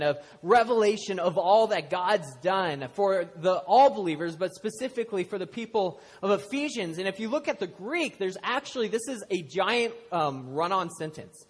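High-voiced man preaching in an echoing hall. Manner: chatty storytelling with self-deprecating jokes. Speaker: pastor. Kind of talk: casual humorous sermon. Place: church hall before a congregation. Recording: long hall reverb.

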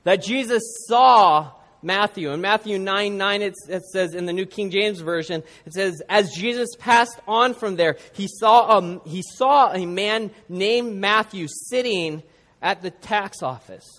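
A man preaching a sermon, praying earnestly and then telling a story with animated, earnest delivery. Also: sits high, measured pace, long reverb tail. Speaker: pastor.

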